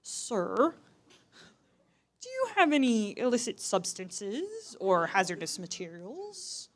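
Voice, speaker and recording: A woman's voice: huge pitch swings, slow pace, exaggerated voice. A young woman voicing a chatty airport security screener who fawns over snacks. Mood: officious. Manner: gushing, rising into a high squeal.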